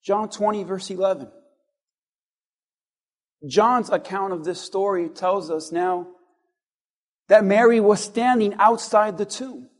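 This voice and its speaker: High-voiced male pastor preaching in rhetorical questions. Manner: strings of rhetorical questions, dramatic pauses, swings between hushed and loud. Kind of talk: sermon.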